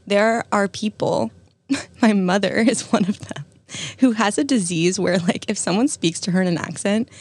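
A woman with a slightly husky voice and a middle pitch chats as a podcast guest. She tells stories with a comedian's ease and laughs often. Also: normal speed, darkish tone, no room sound. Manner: chatty storyteller, laughs often. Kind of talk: casual chat.

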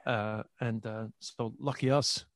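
A man talking casually as an interview guest, rambling and filling pauses with lots of filler phrases. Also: mid-range voice, fairly even intonation, no echo.

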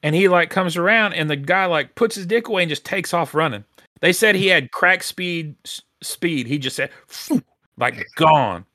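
A man on a casual podcast telling a workplace story in a lively, animated way, acting out the people he quotes. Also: fairly high pitch, normal speed, no room sound, clean studio sound. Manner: animated storyteller who acts out quoted voices.

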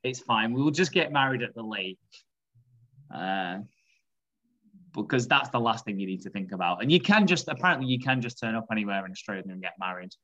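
A man's voice: on the low side, expressive, a little fast, sharp tone, dull audio. A man co-hosting a podcast in casual chat, laughing and swearing freely as he tells stories. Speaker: podcast co-host.

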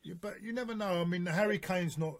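A man's voice: high voice, a little fast. A man co-hosting a sports radio phone-in, hesitant with fillers and given to grumbling opinions. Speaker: radio co-host. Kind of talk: casual sports radio chat.

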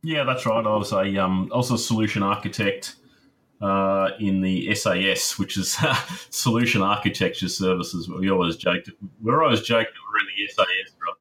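A man answering interview questions in a measured, explanatory way, with many pauses and ums. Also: deep voice, fairly even intonation, bright, forceful tone. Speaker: guest, crypto miner.

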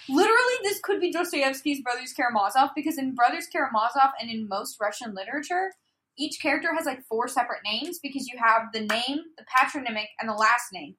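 Bright, animated young woman reading aloud. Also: fairly high pitch, husky. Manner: animated, exasperated, swears freely, bursts into laughter. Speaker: podcast co-host reading a fan story aloud. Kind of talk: casual podcast chat and dramatic reading.

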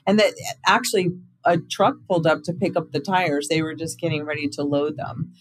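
A man hosting a podcast, telling stories in a casual, animated way and acting out the voices of the people he quotes. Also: fairly high pitch, fairly quick, rough recording. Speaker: podcast host. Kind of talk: casual conversation.

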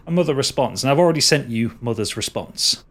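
A man's voice: mid-range voice, lively intonation, brisk. A man narrating a tabletop sci-fi game as game master, describing scenes with frequent restarts.

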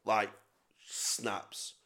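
A man's voice: extremely slow, pushed and bright. A young man telling sweary, rambling stories in casual chat as a podcast co-host. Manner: sweary, rambling anecdotes with self-mocking laughs.

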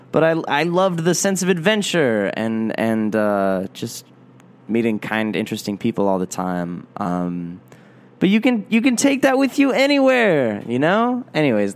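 A man's voice: lowish voice, darkish tone, clear, resonant tone. Man hosting a podcast in put-on Irish accent. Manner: self-mocking, digressive, many fillers. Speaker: podcast host. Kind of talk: casual rambling podcast monologue.

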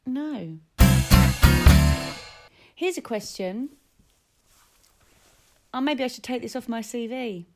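Woman, podcast co-host; higher voice, unhurried, teasing banter. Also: lively intonation, loud music behind the voice. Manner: teasing, quick to laugh. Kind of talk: casual chat.

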